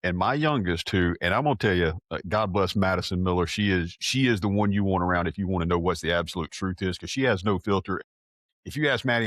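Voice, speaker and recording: A middle-aged man tells self-mocking stories in a casual podcast chat, often stammering as he restarts. His voice sits fairly low, recorded close and dry. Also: fast, fairly bright tone, no room sound. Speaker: podcast co-host.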